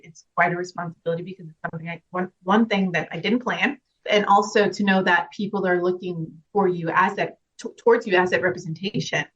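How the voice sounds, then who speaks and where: Earnest woman actress in lo-fi interview. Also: fairly low pitch. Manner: earnest and reflective, laughs often. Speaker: actress guest. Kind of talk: casual interview chat. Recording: slightly dull, lo-fi sound.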